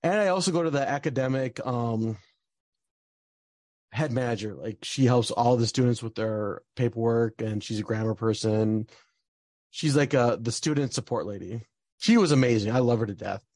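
A man's voice: mid-range voice, normal speed, a little mellow, no echo. A young man telling a personal story in a casual, rambling way, with lots of fillers and bursts of frustration. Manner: rambling, many fillers, gets heated and swears.

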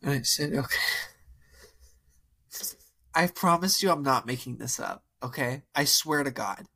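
Gravelly and slightly rough, this young man's mid-range voice moves at a moderate pace. As a podcast co-host in casual chat, he animatedly tells a wild dating story stuffed with fillers and acted-out quotes.

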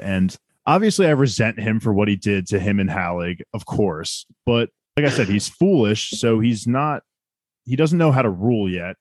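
A man's voice: lowish voice, dry recording, clean studio sound. A man co-hosting a casual podcast, talking earnestly and reflectively about the show. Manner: earnest, reflective, builds a rant. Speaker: podcast co-host. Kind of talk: casual chat reviewing a TV series.

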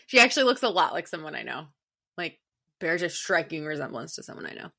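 Young woman cohost, bright and bouncy, giggles along, casual podcast chat. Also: low voice, big pitch swings, brisk, gravelly. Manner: laughs easily, playful reactions. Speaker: podcast co-host. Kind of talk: casual true crime chat.

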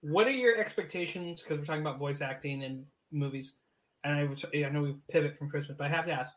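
A man's voice: a little high, fast talker, a bit bright, rough recording. A man co-hosting a casual podcast, asking questions and steering the topics. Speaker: podcast co-host. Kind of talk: casual chat.

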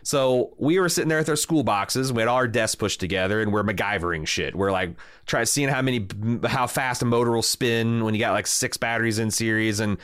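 A man's voice: medium pitch, fairly quick, few pauses, clear, resonant tone. A man from Indiana, around his thirties, telling a long story in casual chat, swearing freely and filling with "like" and "you know". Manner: animated storyteller, swears freely, lots of fillers.

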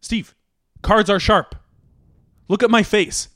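A man's voice: high-pitched, slow, a bit bright, no room sound, clean studio sound. A man co-hosting an improvised comedy podcast, ranting with exasperated, mock-indignant outrage. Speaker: podcast co-host.

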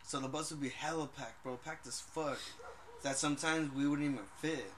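A man's voice: a little high, steady tone, moderate pace, a bit bright, slight background noise. A young man co-hosting a casual podcast, telling rambling stories full of slang and swearing. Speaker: podcast co-host. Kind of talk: casual chat.

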